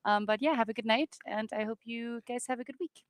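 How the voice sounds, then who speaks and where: A woman's voice: on the high side, fairly quick, no room sound. A woman player signing off from a tabletop game, giggly and self-deprecating. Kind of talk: casual chat.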